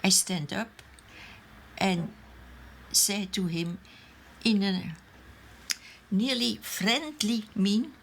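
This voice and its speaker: Slow, halting older woman. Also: medium pitch, creaky, a little hiss or hum. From Austria. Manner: halting, searching for English words. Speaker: eyewitness interviewee. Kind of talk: documentary interview recollection.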